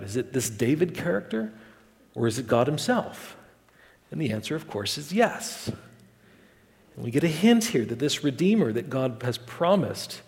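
A man preaching a sermon in a measured, emphatic way, asking rhetorical questions. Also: on the high side. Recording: long hall reverb.

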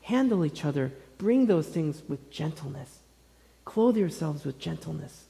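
A man in his thirties preaching a sermon as pastor, earnest and gentle, speaking in short phrases with many pauses. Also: a little high, animated, vocal fry. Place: church sanctuary. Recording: reverberant church hall.

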